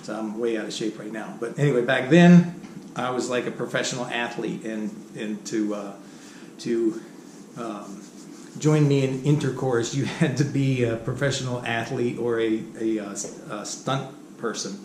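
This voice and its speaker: A man's voice: medium pitch, normal speed, darkish tone. A middle-aged man casually telling stories from his own life, rambling with many fillers and restarts and chuckling as he goes. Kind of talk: casual spoken storytelling. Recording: roomy recording with faint background hum.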